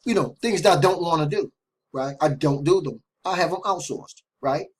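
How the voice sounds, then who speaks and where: A man's voice: fairly high pitch, moderate pace, husky. A middle-aged man talking casually to camera about his marketing system, repeating himself, often tagging "right?" and restarting phrases. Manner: repetitive, chatty, keeps asking "right?"; restarts and stumbles over words. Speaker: online marketing vlogger. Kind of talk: casual direct-to-camera sales talk.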